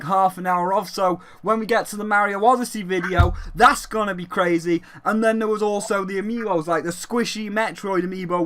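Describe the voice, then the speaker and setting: A gaming YouTuber giving an excited, rambling recap of a games event, swearing freely. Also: medium pitch, a little hiss or hum. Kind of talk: excited event recap while live on a call.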